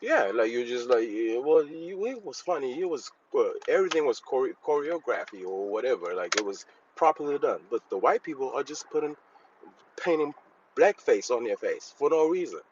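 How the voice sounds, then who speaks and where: A man's voice: mid-range voice, sing-song. Male caller, hesitant and stammering, muffled phone-in sound with light hiss. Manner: halting, stammering, formal "sir". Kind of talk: heated call-in argument. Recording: dull call-in line with faint noise.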